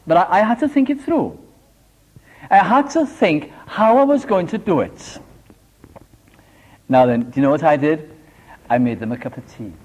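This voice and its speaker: A Welsh man preaching a sermon, animated and homely, telling a simple story with small jokes. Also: fairly high pitch. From Wales.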